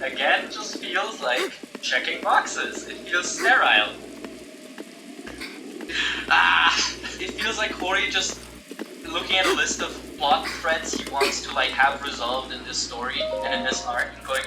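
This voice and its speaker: A man's voice: fairly high pitch, lively intonation, moderate pace. A man chatting casually as a podcast host, ranting with exasperated energy and breaking into laughs. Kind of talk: casual chat. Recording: echoey room, distant mic, music behind.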